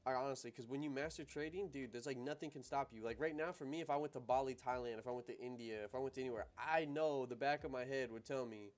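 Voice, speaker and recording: Talking fast with hardly any pauses, this young American livestream host rambles through asides in loose slang, laughs easily, and keeps dropping "bro" and "you know what I'm saying." His voice sits in the mid range.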